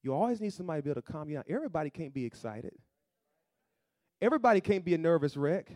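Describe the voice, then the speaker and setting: Preaching man, hushed to shouting. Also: on the high side, very animated, very fast, dry recording. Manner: dramatic swings from hushed to shouting, conversational preaching. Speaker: pastor. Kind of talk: sermon.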